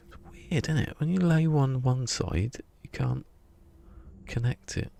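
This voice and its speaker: A man's voice: medium pitch, unhurried, vocal fry, dark tone, slight background noise. A man chatting casually to his viewers while streaming a game, rambling and half-muttering his asides. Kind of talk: casual gameplay stream chat.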